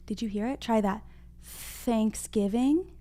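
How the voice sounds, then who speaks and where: Clear-voiced woman teaching phonics. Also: on the high side. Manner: encouraging, sounds out letters slowly and clearly. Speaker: kindergarten reading teacher. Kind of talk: livestreamed phonics lesson. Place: home room at a whiteboard.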